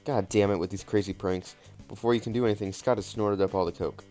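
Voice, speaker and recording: Young male let's-player, lower voice, casual and profane, soft music bed. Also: fairly even intonation, fast. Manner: joking, swearing, off-the-cuff. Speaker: let's play gamer. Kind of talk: reading game text and commenting. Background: faint game music.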